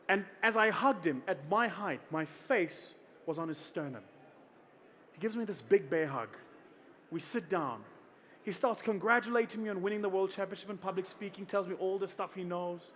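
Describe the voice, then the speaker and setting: A South African man tells a story from the stage in an animated, humorous way, often slipping into other people's voices. His voice sits fairly high for a man. Faint room ambience runs under the speech. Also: normal speed, a little hiss or hum. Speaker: keynote speaker.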